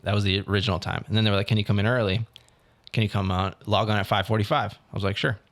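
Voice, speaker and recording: A young man co-hosting a podcast, telling a story in a casual, animated way and acting out what other people said. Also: on the low side, very fast. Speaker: podcast co-host. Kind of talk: casual chat.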